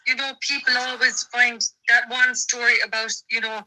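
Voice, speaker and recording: A woman's voice: a little high, level tone, normal speed, bright, forceful tone, poor audio. A woman co-hosting a casual chat, reading viewer comments and agreeing supportively.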